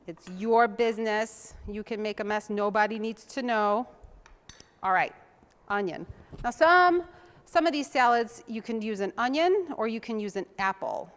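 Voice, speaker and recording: A woman hosting a casual cooking demonstration, chatting to viewers in a homey way while she chops and mixes, sometimes drifting away from the mic. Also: mid-range voice. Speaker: cooking show host.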